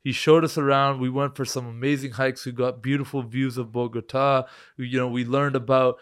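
A man from Canada co-hosting a podcast in casual, animated chat, laughing often and filling with "like". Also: medium pitch, a little fast, clean tone. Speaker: podcast co-host.

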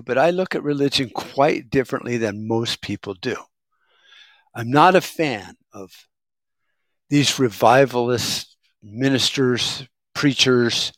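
A man's voice: medium pitch, fairly bright tone, no echo. A middle-aged man talking in a casual, rambling monologue, sarcastic and wisecracking. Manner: rambling, sarcastic, self-described smartass. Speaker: vlogger.

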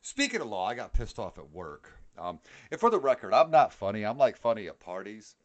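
Animated, profane New York man ranting. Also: on the low side, fairly quick. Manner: heated, profane ranting with frequent swearing. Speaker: podcast co-host. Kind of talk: casual chat.

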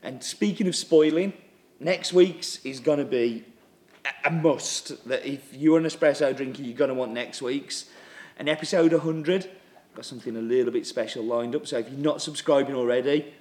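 A man with a medium-pitched, brisk voice hosts a coffee subscription show, chatting casually as he reads out viewer comments. He's relaxed and chatty, with lots of fillers and throat clearing.

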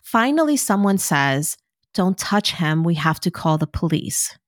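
A woman co-hosting a podcast, casually recapping a movie with deliberate, descriptive storytelling. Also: on the low side, very animated, dry recording, studio quality. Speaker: podcast co-host.

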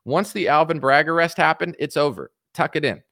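A man giving casual political commentary on a stream, animated and mocking, acting out the people he quotes. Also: on the high side, a little fast, no room sound, studio quality.

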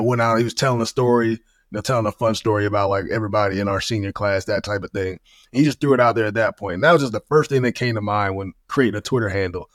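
A man in his thirties talks as the guest in a relaxed interview, humble and easygoing, leaning on "you know" as he goes. His words come quickly. The sound is dry and close, with no room around it. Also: on the low side, no echo. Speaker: guest, former pro running back. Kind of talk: casual interview chat.

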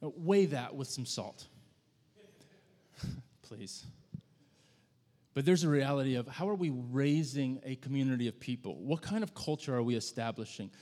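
A man's voice: mid-range voice, warm tone. Man preaching in a reverberant hall. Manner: conversational, halting with frequent restarts. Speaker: pastor. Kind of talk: sermon storytelling.

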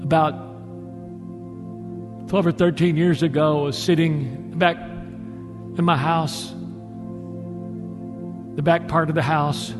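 A middle-aged male pastor preaching a sermon, slowing down dramatically to stress his points. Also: on the high side, steady tone. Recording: long hall reverb with music.

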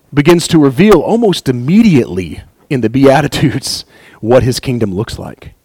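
A man giving an earnest, animated Bible teaching, reading scripture aloud and commenting on it, often with a light chuckle. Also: mid-range voice, breathy edge, dry recording, low-quality recording.

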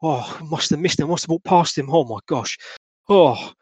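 A man's voice: a little high, normal speed, darkish tone, breathy edge, no room sound, pitched above the performer's own voice. A man putting on a flustered witness. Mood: panicky. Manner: flustered, stammering, exclaiming. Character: startled nervous male Victorian witness.

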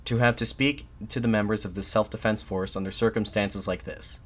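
A man voicing a defiant nationalist addressing soldiers from a balcony, in an impassioned, shouted pleading manner. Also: fairly low pitch, fairly even intonation, brisk, close to an everyday voice. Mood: fervent, shouting.

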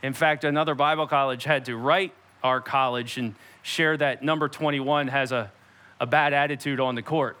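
A young adult man preaching a sermon as a pastor, telling stories and acting out quotes with lively shifts in voice. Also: medium pitch, normal speed. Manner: animated storytelling preacher, acts out quotes.

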